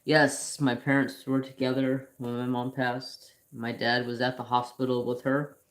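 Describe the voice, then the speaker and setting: A man's voice: mid-range voice, little pitch movement, a bit bright. A man hosting a craft channel, telling rambling personal stories in casual chat while he paints at home. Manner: slow, rambling storytelling with restarts.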